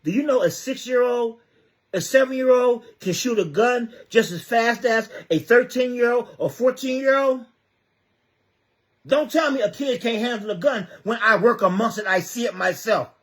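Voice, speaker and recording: A man's voice: very high-pitched, moderate pace. A man giving an impassioned livestream monologue, firing rhetorical questions, repeating himself and stammering as he reads viewer comments. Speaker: livestreamer speaking on community youth programs.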